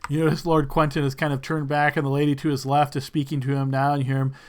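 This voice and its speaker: A man's voice: fairly high pitch, flat delivery, fast. A man narrating a tabletop role-playing game as game master, in loose, descriptive storytelling.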